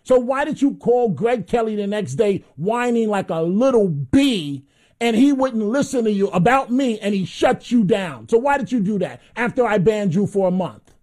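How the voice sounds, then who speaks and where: Combative high-voiced talk radio host. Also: male voice, expressive, normal speed, darkish tone. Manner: combative, mocking, repeats lines for effect.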